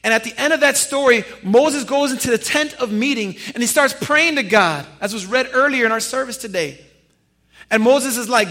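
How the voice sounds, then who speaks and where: A man preaching a sermon as pastor, animated and firing rhetorical questions at his congregation. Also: extremely high pitch, moderate pace. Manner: addresses listeners familiarly.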